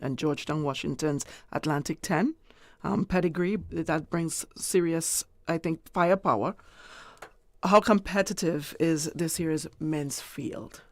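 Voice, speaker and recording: A host of a radio sports show asking guests questions with quick friendly affirmations. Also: medium pitch, dry recording, clean studio sound. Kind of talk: radio interview.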